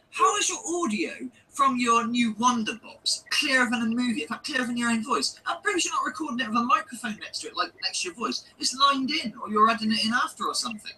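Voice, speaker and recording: A man's voice: extremely high pitch, bright, forceful tone, far from the mic, a little hiss or hum, rough recording. A man delivering a heated, sweary, sarcastic ranting monologue in his own video.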